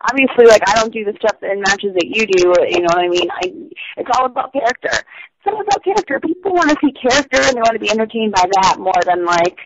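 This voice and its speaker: A woman's voice: mid-range voice, animated, fast. A woman guest in casual chat, talking earnestly and filling with lots of "like". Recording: dull lo-fi sound with noise behind.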